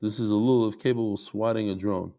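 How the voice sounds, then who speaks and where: A man teaching a Talmud class, telling stories with animated asides and acted-out voices. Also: on the low side, fast talker. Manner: animated storytelling, acts out voices, laughs.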